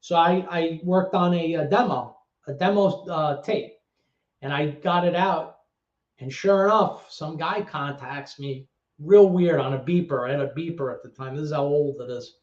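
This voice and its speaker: A middle-aged New man tells his stories with animated, streetwise energy, slipping into other people's voices and swearing freely. His voice sits a little high for a man. The recording is roomy and echoey, with a dull, lo-fi sound. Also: moderate pace. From the Bronx, New York. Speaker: guest, former actor and DJ. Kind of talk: casual storytelling interview.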